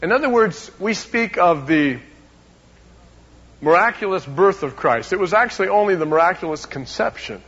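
A man preaching a sermon as a pastor, emphatic, swinging between loud and hushed, often repeating words. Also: high voice, lively intonation, normal speed, breathy edge, lo-fi sound.

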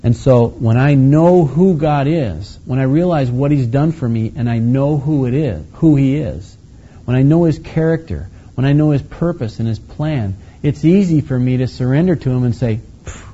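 A man's voice: mid-range voice, lively intonation, moderate pace, warm tone, husky. A man preaching a conversational sermon in a casual, folksy way, with many asides and restarts. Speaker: pastor. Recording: slightly muffled lo-fi recording.

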